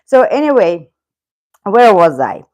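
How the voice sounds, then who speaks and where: A woman's voice: mid-range voice, very animated, slow, a little mellow. A middle-aged woman with a Russian accent, chatting casually and rambling on a live stream. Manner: rambling, talks to her cat and viewers. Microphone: loose clip-on mic.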